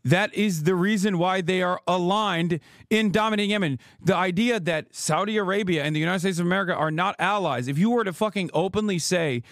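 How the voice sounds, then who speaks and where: A man's voice: sits high, a little fast, fairly bright tone, no echo, clean studio sound. A man streaming live, ranting angrily about politics with lots of profanity and sarcasm. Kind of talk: heated live-stream rant.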